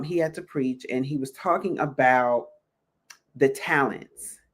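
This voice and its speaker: Woman, tarot co-host, casual storyteller, acts out dialogue, laughs easily. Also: a bass voice. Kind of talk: casual spiritual chat.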